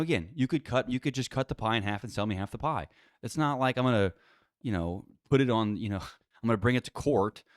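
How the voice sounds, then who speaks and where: A man's voice: fairly low pitch, dry recording, clean studio sound. A man ranting casually and at length on his own podcast, exasperated and profane, full of "you know" and "like". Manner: rambling, profane, exasperated, many fillers. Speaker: podcast host. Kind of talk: casual solo rant.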